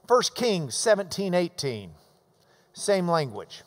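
A man delivers a sermon in a slow, deliberate teaching manner, leaning on repeated phrases to drive each point home. His voice sits high for a man. The sound carries the long reverb of a large hall. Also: sing-song. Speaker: preacher.

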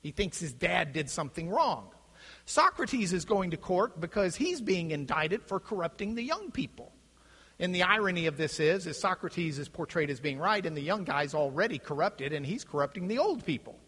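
A man's voice: sits high, normal speed, husky. A middle-aged man giving a classroom lecture, acting out the voices in his quotes. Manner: animated, acts out voices in quotes. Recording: echoey hall.

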